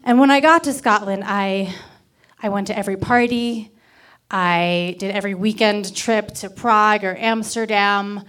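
A woman from Miami in her thirties telling a candid personal story to a live audience, with wry, deadpan comic timing. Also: medium pitch, unhurried. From Miami, Florida.

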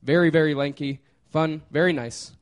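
A man's voice: a little high, normal speed. A man casually telling a personal story, laughing often and trailing off with fillers.

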